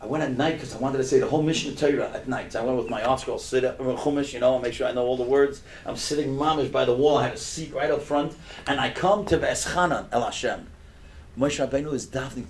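An older man giving a sermon through stories, swinging from hushed storytelling to loud, impassioned preaching. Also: medium pitch, fast, a little hiss or hum.

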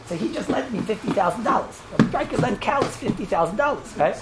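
A woman teaching an informal class on Jewish law to a live group. She talks conversationally, keeps checking in with "right?", and restates points to make them clear. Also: fairly high pitch, lively intonation, fast talker, very noisy. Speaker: religious teacher.

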